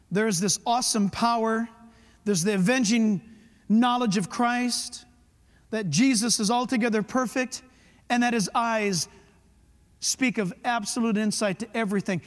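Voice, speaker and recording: A middle-aged man preaching a sermon as pastor, emphatic, with quick asides to the congregation. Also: extremely high pitch. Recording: long hall reverb.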